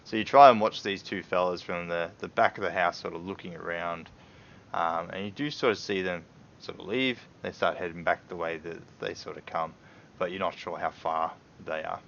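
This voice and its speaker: A man's voice: sits low, fairly even intonation, normal speed, vocal fry, fairly bright tone, a little hiss or hum. A man running a tabletop game as game master, narrating with rambling, hesitant phrasing. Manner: rambling, hesitant, many fillers. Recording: dull lo-fi stream audio.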